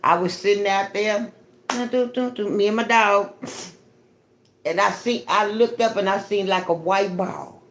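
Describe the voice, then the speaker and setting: A woman hosting a livestream, telling a personal story in a profane, animated, repetitive way. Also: medium pitch, measured pace. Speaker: livestream host.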